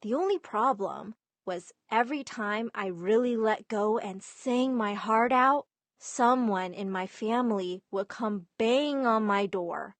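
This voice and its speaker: A young woman narrating an animated story in a lively, emphatic way. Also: fairly high pitch, unhurried, no echo.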